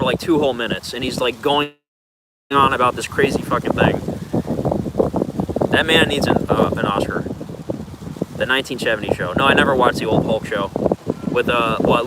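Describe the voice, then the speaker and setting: A man's voice: mid-range voice, expressive, moderate pace, pauses often, very noisy. A man casually answering viewer questions on a livestream, rambling in a laid-back way with plenty of filler words.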